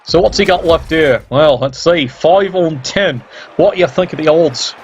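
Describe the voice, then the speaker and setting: A man's voice: a little high, normal speed, some chatter behind, a little hiss or hum. A man giving casual play-by-play game commentary, sardonic and teasing, swearing freely.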